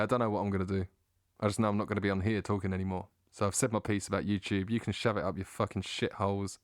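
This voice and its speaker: A man's voice: fairly low pitch, dry recording, clean studio sound. Blunt, sarcastic man ranting. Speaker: vlogger. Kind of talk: ranting monologue to camera.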